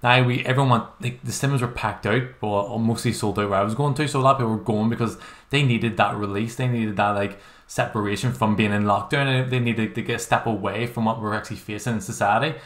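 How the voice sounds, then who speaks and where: Man hosting a podcast, quick talker, rambling, echoey room. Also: fairly low pitch, steady tone, fairly bright tone. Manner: rambling, restarts thoughts. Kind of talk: casual chat. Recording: roomy echo.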